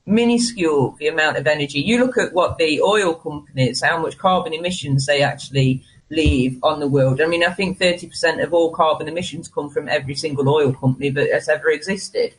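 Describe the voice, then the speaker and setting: A man's voice: on the high side, a little fast, few pauses, poor audio. A man, a guest chatting casually and animatedly on a live stream, often restarting his sentences. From England.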